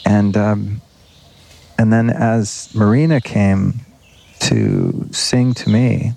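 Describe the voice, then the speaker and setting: A man's voice: fairly low pitch, lively intonation, extremely slow, gravelly, darkish tone. A man hosting a podcast, talking through his experiences in an earnest, rambling way and swearing casually. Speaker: podcast host. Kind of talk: unscripted reflective monologue.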